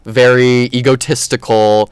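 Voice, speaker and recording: An enthusiastic man talks casually as a podcast host, rambling with lots of fillers and restarts. His voice is smooth and resonant, at a middle pitch, and the recording is dry and close. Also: flat delivery, unhurried, no room sound. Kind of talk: casual chat.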